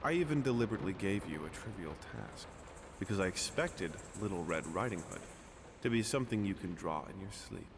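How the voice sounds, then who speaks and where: An actor playing an angry publisher who scolds in a cutting way in a video game. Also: male voice, deep voice, expressive, a little fast, background noise. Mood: contemptuous. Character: angry, contemptuous male publisher.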